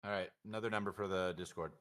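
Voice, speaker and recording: A man's voice: sits low, steady tone, racing, a bit bright. A man streaming his trading live, talking bluntly and arguing points in casual chat. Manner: blunt, argumentative, counts aloud while checking numbers. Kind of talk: casual livestream talk.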